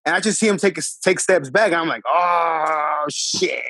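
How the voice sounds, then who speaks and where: A man's voice: sits high, fast, breathy edge, dry recording. A man telling a long profane football story to friends in a casual podcast chat, acting out other people's lines. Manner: profane, animated, acts out voices of others.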